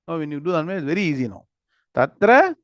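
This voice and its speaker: A man's voice: fairly high pitch, big pitch swings, brisk, a bit bright, no echo. A man with an Indian English accent teaching a scripture class, reciting Sanskrit words one at a time and quizzing his students. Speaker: Gita and Vedanta teacher.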